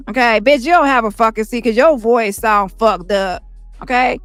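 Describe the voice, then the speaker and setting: Woman, brash mocking rant, higher voice, dry close sound. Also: moderate pace, a bit bright, smooth, no room sound, faint music behind. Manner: brash, mocking, repetitive, heavy cursing. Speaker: commentary channel host. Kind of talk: profane ranting commentary.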